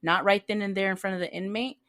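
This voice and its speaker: A woman's voice: medium pitch, fast. A young woman, a podcast co-host who works as a corrections officer, telling stories casually and acting out the people she quotes. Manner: animated, acts out quoted inmates and coworkers. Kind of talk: casual storytelling chat.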